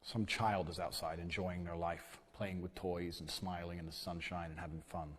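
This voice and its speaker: A deep, sneering villain. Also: male voice, level tone, normal speed, fairly bright tone, husky. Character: gloating evil man who hates happiness. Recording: long hall reverb.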